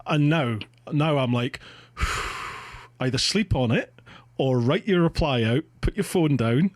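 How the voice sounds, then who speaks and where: A man's voice: on the high side, animated, slow pace, dry recording. A Scottish man hosting a podcast, chatting casually and swearing cheerfully over a video call, often breaking into laughs. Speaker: podcast host.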